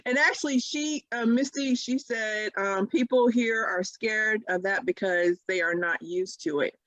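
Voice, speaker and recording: A woman co-hosting a podcast in casual chat, animated and acting out quotes. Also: medium pitch, measured pace, no echo, dull audio. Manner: animated, exclaims "bam", acts out quotes. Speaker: podcast co-host.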